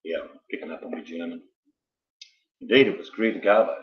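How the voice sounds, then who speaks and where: Man, quiz host, casual and jokey, rambling asides, lowish voice, echoey room, dull lo-fi sound. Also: fairly quick. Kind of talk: casual live quiz hosting.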